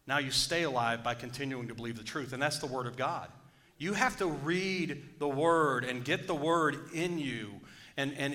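A man's voice: mid-range voice, bright, forceful tone. A man preaching a sermon, joking with the congregation and asking for amens. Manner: joking, call-and-response preaching. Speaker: pastor.

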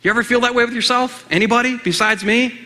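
A man preaching a sermon in an animated, conversational way, firing rhetorical questions at the congregation. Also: very high voice, fast talker, in a large hall.

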